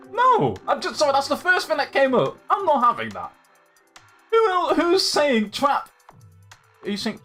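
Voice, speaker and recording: Extremely high-pitched and fairly bright, the voice belongs to a young male livestream host from Yorkshire with a light local accent. He rambles casually, reading chat messages aloud and laughing a lot.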